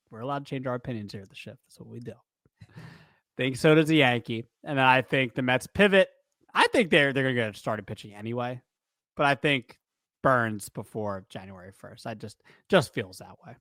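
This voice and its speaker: A man's voice: mid-range voice, a little fast, fairly bright tone, no room sound, studio quality. A man co-hosting a casual sports podcast. He rambles, cracks jokes and corrects himself mid-sentence, and he talks while eating a snack. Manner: rambling, joking, self-correcting. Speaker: podcast co-host.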